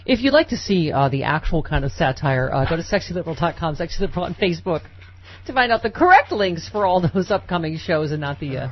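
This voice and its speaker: Woman talk radio host, wisecracking, lowish and lively, dull-ish audio. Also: a little hiss or hum. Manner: wisecracking, quick to interrupt.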